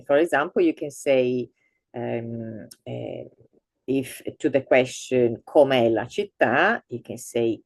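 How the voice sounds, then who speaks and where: A woman teaching an online language lesson, explaining slowly with many fillers and restarts, and exaggerating intonation for learners. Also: rumbling low, gravelly, a little mellow, dry recording.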